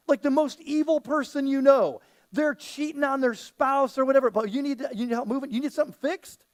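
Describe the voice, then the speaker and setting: A man's voice: extremely high pitch, fairly quick, few pauses. A man preaching a sermon as pastor, talking casually and often acting out the voices he quotes.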